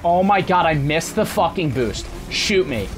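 A young man streaming a video game on a headset mic, frustrated and cursing, often breaking into angry shouts. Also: on the high side, expressive, a little slow. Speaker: gaming streamer. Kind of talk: live gameplay commentary. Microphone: gaming headset. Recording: game music playing behind the voice. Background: game music.

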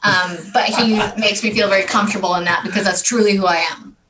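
A woman's voice: mid-range voice, steady tone, brisk, fairly bright tone, low-quality recording. A woman from Canada with a Canadian accent, a podcast guest talking candidly and animatedly, laughing easily. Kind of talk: casual podcast chat.

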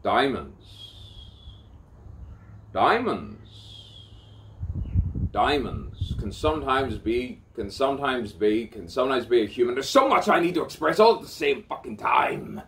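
A man's voice: mid-range voice, sing-song, a little slow, fairly bright tone, recorded from a distance, slight background noise. A man rambling in an improvised spoken-word monologue, theatrical, swearing freely and repeating words over and over.

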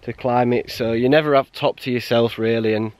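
A man chatting casually while hiking a mountain trail, blunt and quick to laugh. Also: mid-range voice, steady tone, a little mellow, no room sound. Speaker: hiker vlogger. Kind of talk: casual outdoor vlog chat.

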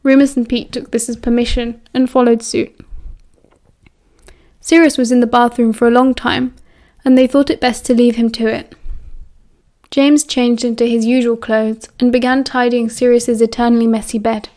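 A woman's voice: fairly high pitch, level tone, moderate pace, mellow. A woman narrating an audiobook, reading steadily and evenly. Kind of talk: reading fan fiction aloud.

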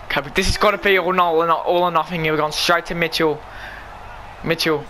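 Male gamer, high bright voice, excitable live commentary, shouts at the play. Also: a little fast, a little hiss or hum. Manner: excitable, shouting and pleading at the game. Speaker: gaming YouTuber.

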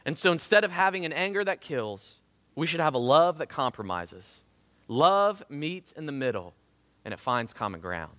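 A middle-aged man with a Southern Ohio accent, preaching a sermon as pastor, animated and self-deprecating with jokey asides. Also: on the high side, normal speed. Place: church sanctuary. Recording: long church hall reverb.

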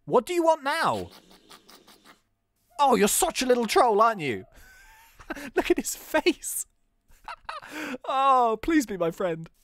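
A man doing casual let's-play commentary, excitable and quick to laugh at his own mistakes. His pitch jumps all over the place, swinging from low mutters to high yelps. He often begs the game characters to cooperate. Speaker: gaming channel host.

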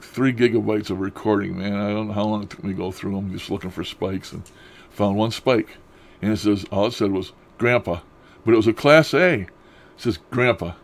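A man's voice: on the low side, creaky, slight background noise. Folksy, chuckling man telling ghost stories. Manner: folksy, chuckling, loose grammar, trails off and restarts. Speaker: paranormal vlogger. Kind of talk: casual rambling storytelling to camera.

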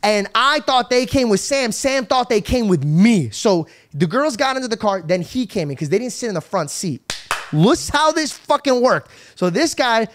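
Animated young man telling a story. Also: sits high, moderate pace. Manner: animated, swears a lot, acts out quotes. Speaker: podcast host. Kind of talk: casual storytelling.

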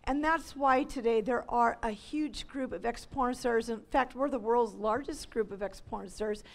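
High-voiced woman giving an impassioned testimony. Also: measured pace, gravelly. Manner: animated, swings between loud cries and hushed near-whispers. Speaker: ministry leader giving a testimony. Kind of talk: emotional testimony talk to an audience.

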